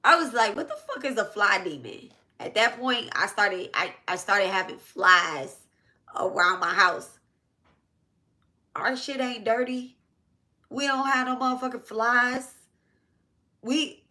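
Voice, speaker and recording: Woman vlogging, bright forceful voice, swearing a lot, chatty storytelling that keeps circling back. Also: on the high side. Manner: profane, emphatic, repeats herself. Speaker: spiritual reader and vlogger. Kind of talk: casual storytelling monologue.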